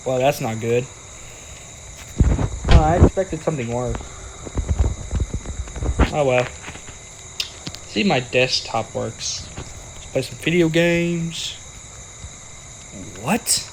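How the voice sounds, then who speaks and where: A man's voice: mid-range voice, takes it slowly, long pauses, background noise. A young man giving casual, playful commentary over a video game and joking with the characters on screen. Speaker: gaming video creator.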